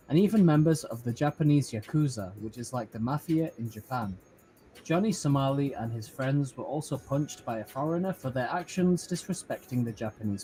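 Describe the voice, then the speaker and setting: Man reading documentary narration, dark mellow voice, calm and factual. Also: medium pitch, low-quality recording.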